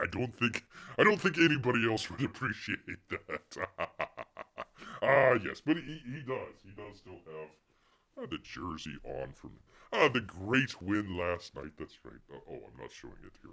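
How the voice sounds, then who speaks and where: Low gravelly voiced, lively male streamer. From Florida, USA. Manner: rambling, jokey, refers to himself in third person. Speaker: live stream host. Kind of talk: casual live stream chat.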